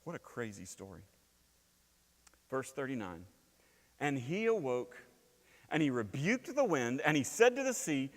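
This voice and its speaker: A man in his thirties preaching a sermon in a church, telling stories with lively swings from loud bursts to hushed lines. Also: on the high side, unhurried, long pauses. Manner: animated storytelling, shouting quoted lines, dropping to quiet. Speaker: pastor. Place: church sanctuary. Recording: long hall reverb.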